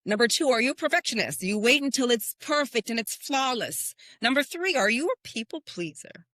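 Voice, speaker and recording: A woman's voice: fairly high pitch, expressive, brisk, pushed and bright, no echo, studio quality. A woman hosting a motivational podcast, speaking earnestly and telling stories with rhetorical questions. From Canada. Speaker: podcast host and confidence coach.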